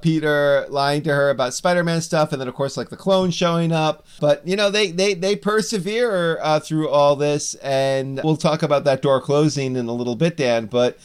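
A man's voice: a little high, normal speed, hardly any pauses, clean tone. A man co-hosting a podcast, chatting casually and rambling, often restarting his sentences and laughing. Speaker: podcast co-host. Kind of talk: casual comic book podcast chat.

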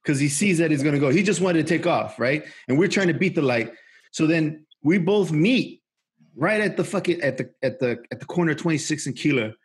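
A man's voice: fairly high pitch, animated, fairly quick, breathy edge. A man co-hosting a podcast, telling a rambling, profane story with lots of fillers and restarts. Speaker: podcast co-host. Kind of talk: casual storytelling.

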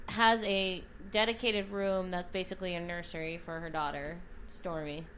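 A woman's voice: lowish voice, level tone, moderate pace, a bit bright, slight background noise. A woman co-hosting a casual chat podcast, passing on gossip in a dry, matter-of-fact way. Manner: gossipy, dry news-sharing. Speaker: podcast co-host.

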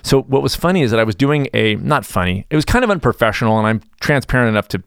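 A man's voice: medium pitch, animated, quick pace, creaky, a bit bright, clean tone, no echo, studio quality. A man hosting his podcast, a nutritionist talking in a rambling, exasperated way with lots of restarts. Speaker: podcast host. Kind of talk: casual monologue.

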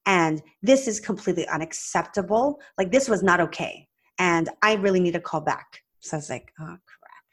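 A woman with a slightly low voice tells a story on a podcast, speaking casually and animatedly. She fills her speech with "like" and restarts sentences, and she swings into lively retellings of what others said. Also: moderate pace. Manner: chatty, many "like"s and restarts. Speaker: podcast host and practice owner. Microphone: podcast microphone.

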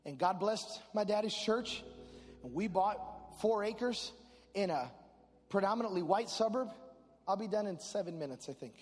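A male preacher from Chicago giving a sermon, telling comic stories and rising into shouted preaching. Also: sits high, long reverb tail. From Chicago, USA.

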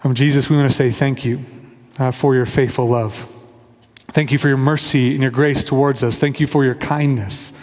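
A man's voice: mid-range voice, steady tone, moderate pace, darkish tone, long reverb tail. A man from the Kansas City area, preaching a conversational sermon and leading prayer as pastor. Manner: earnest, conversational, acts out quoted voices. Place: church sanctuary.

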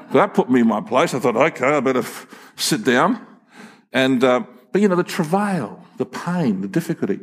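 A man's voice: mid-range voice, sing-song, moderate pace, husky. A man, preaching a sermon in a folksy, emphatic storytelling way with frequent restarts. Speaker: pastor.

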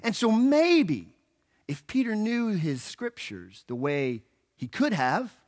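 A pastor preaches a church sermon, telling the story casually and playfully with occasional jokes while acting out quotes in animated fashion. His voice is high-pitched and he takes his time.

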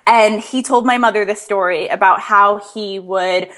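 With a steady, slightly bright mid-range voice and moderate pace, a young woman talks as a podcast guest. She's sincere and heartfelt in casual conversation, leaning on "like" as a filler again and again.

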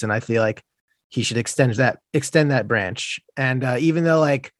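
A man's voice: on the high side, a little fast, no echo. Easygoing man with a dry, close voice. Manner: easygoing listener, brief agreeing replies. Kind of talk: casual chat.

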